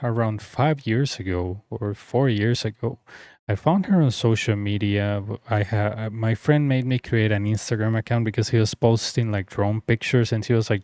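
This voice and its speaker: Young man, casual story, rambling, filler words, somewhat low voice, dry recording. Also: moderate pace, darkish tone, no echo. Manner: rambling, many fillers and restarts. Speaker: story reader. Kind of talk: casual first-person storytelling.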